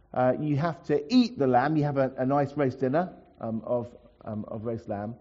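A man preaching in a church, talking to his congregation in a loose, chatty way. His voice is mellow and a little husky, and the recording sounds dull and lo-fi. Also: medium pitch, lively intonation, measured pace. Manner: conversational, with asides to the congregation. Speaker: pastor. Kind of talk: sermon.

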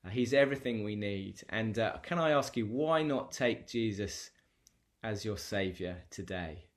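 Low-voiced earnest male preacher. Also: expressive, a little slow. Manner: earnest, conversational, with frequent fillers and restarts. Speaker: pastor. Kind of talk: sermon.

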